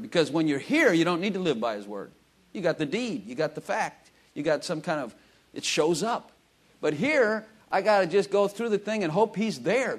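A man's voice: sits high, expressive, moderate pace. A man preaching a conversational sermon, throwing rhetorical questions at the congregation and acting out prayers.

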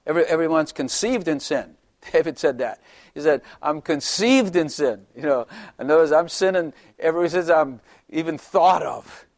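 Older male pastor, folksy and jokey, slightly high voice, dry close sound. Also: animated, normal speed, dry recording. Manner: chatty, jokey, laughs often, acts out voices. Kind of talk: humorous sermon.

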